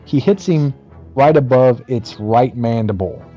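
A man's voice: mid-range voice, measured pace, dull audio, soft background music. A man casually recapping a movie plot, telling it with lots of swearing and acting out the lines. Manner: animated storytelling with profanity, acts out movie lines.

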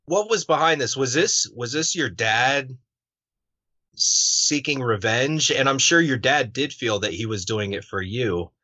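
A man hosting a podcast interview in a relaxed, conversational way, swearing now and then. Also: mid-range voice, measured pace, no echo. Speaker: podcast host. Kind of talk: casual interview chat. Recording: dull muffled podcast audio.

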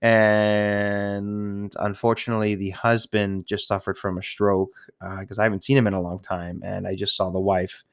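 With a lowish, level voice at normal speed, a male retail worker delivers a rambling, casual talk to his listeners, full of swearing, constant chatter and frequent restarts. The recording is dry and clean, studio grade.

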